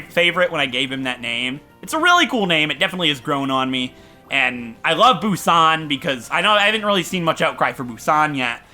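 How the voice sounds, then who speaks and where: Bright, lively gaming commentator, man. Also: fairly high pitch. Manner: chatty, enthusiastic, rambling. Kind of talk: casual let's-play commentary.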